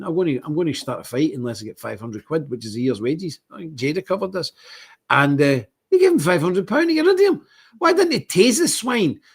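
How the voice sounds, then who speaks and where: Scottish livestream host with a husky voice, rambling and given to indignant outbursts. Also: male voice, on the high side. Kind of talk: casual livestream monologue.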